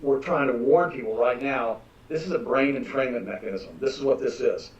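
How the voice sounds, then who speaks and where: A man's voice: medium pitch, normal speed. An older man, a nutritionist, telling stories emphatically as a guest in a conversational interview. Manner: emphatic, animated anecdote-telling. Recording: distant roomy mic with dull lo-fi sound.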